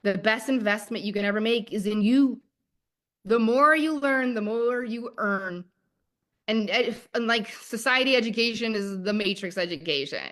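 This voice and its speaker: A woman in her thirties giving a motivational masterclass as a manifestation coach, talking in an excited, emphatic way and repeating her key phrases. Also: a little high, moderate pace.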